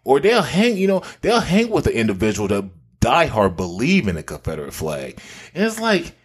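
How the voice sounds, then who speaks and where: A man in casual discussion, telling stories in an animated, emphatic way. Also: mid-range voice, normal speed, breathy edge.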